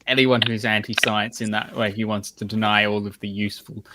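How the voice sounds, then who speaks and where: A man's voice: on the low side, flat delivery, fairly quick. A man on a casual panel chat with a dry, wry delivery, heard over a noisy online call. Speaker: panel guest.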